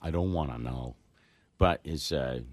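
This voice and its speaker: A man's voice: very deep voice, measured pace, no room sound. A man hosting a morning radio show, bantering and joking with his co-hosts.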